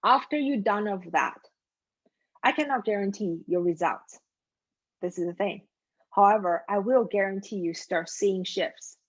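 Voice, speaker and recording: Husky-voiced woman coach. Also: mid-range voice, unhurried, dull audio. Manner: earnest, storytelling, direct address. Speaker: mindset coach. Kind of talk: coaching talk with a story.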